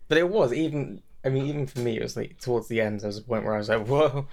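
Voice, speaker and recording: A man chatting casually as a podcast co-host, rambling and animated, jumping high when quoting his own thoughts. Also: very fast. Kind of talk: casual chat.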